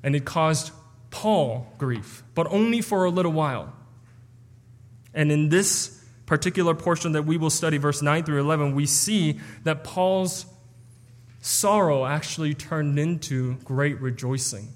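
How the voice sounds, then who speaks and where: A man's voice: fairly high pitch, a little slow, in a large hall. A man preaching an expository sermon, explaining a passage earnestly with some stumbles and restarts.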